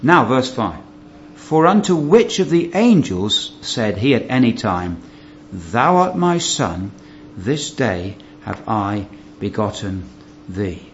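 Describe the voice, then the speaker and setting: In a voice on the low side with big pitch swings, a man preaches slowly, going verse by verse through the Bible. His earnest teaching includes rhetorical questions for listeners and rising emphasis on key phrases. The muffled, roomy recording carries a little hiss or hum.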